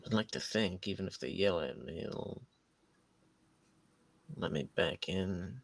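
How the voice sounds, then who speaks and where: A man's voice: low voice, lively intonation, full character voice. Man voicing a hesitant young woman runaway. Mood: wistful. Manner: hesitant, halting, full of pauses.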